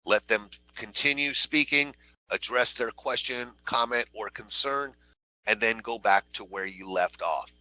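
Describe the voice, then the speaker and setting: A man's voice: mid-range voice, a little slow, no echo. A man giving a step-by-step training talk to call center agents, often checking in with "all right". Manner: repeats "all right" and "so" while walking through steps. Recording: tinny phone-like recording.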